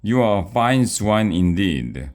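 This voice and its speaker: A man's voice: lowish voice, big pitch swings, slow pace, darkish tone, voice pushed up. A man reading aloud, voicing a grateful, gushing queen in a children's story.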